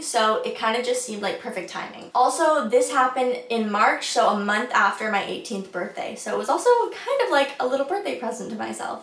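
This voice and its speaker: A woman's voice: fairly high pitch, a bit bright. A young adult woman with a Canadian accent, telling a personal story in a chatty, upbeat vlog style. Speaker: vlogger. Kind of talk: casual chat. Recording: roomy echo, mic at a distance.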